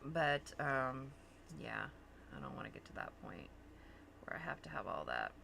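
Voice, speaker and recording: A woman's voice: very deep voice, huge pitch swings, moderate pace, vocal fry, background noise. A middle-aged woman hosting a crafting livestream, chatting casually with her daughter and laughing easily. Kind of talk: casual chat while crafting.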